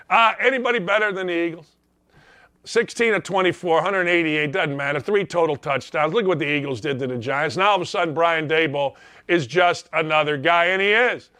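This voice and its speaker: A middle-aged man hosting a sports show, ranting in a loud, blunt, sarcastic way. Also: high voice, animated, moderate pace, dry recording.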